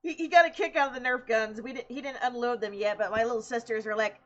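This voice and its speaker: Young woman, high bright voice, chatty streamer, laughs a lot, slightly muffled stream audio. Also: fast talker. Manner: chatty, laughs often, acts out voices in stories. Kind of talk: casual chat.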